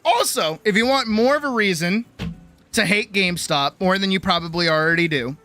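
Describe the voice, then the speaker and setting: A woman streamer telling a casual, animated story, swearing freely and acting out other people's lines. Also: medium pitch, moderate pace, soft background music. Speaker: streamer and artist.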